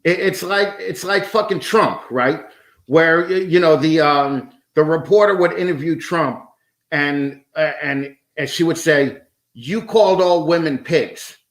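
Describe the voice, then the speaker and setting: A man talking as a podcast guest with a fairly high voice, ranting and swearing freely. He stumbles into repeated restarts as he goes off on a tangent. His voice carries a roomy echo. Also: unhurried, fairly bright tone. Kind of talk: casual profane chat.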